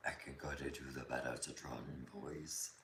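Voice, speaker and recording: A woman putting on a growling, strained low voice as a gruff male villain, recorded from a distant mic in a roomy space. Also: steady tone, normal speed, background noise. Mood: gruff menacing.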